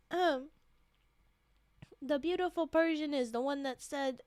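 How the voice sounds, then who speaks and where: Brief: woman streamer, high voice, dry close sound, strained voice, reads a story and jokes with chat. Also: steady tone, measured pace, darkish tone, no echo. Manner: reads aloud, breaks off for joking commentary. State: voice straining, short of breath. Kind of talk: livestream story reading with chat asides.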